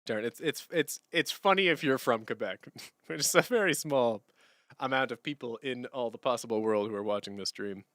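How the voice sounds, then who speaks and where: Chatty man streaming, crisp voice. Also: mid-range voice, moderate pace, fairly bright tone, dry recording, clean studio sound. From Canada. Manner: rambling, chatty, answers chat questions, laughs easily. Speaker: streamer and musician. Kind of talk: casual live-stream chat. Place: room at home, sitting on a hardwood floor.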